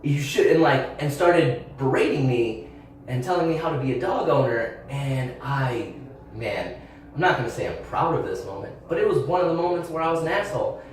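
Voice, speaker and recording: A young man talks candidly and in a rambling way, with fillers and restarts, as he hosts his own channel. His voice sits at an ordinary pitch and is picked up from a little way off the mic. The room is very echoey, with faint background hiss. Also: expressive, moderate pace, far from the mic. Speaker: channel host. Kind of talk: personal storytelling monologue.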